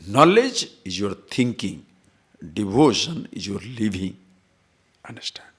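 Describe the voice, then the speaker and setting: A man's voice: lowish voice, big pitch swings, measured pace, long pauses, slightly rough. A man giving a scripture lecture as a spiritual teacher, asking rhetorical questions and repeating words for emphasis.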